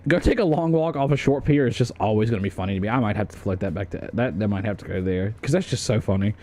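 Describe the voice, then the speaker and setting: A man's voice: lowish voice, quick pace, dark tone. A young man streaming, chatting casually in a jokey, profane way.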